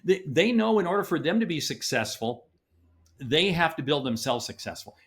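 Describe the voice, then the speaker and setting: An older man with a gravelly edge, talking as a guest on a sales podcast. His delivery is emphatic and animated, with a pitch that rises and falls a lot. He stammers on repeated words to press his points home. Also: normal speed. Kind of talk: podcast interview.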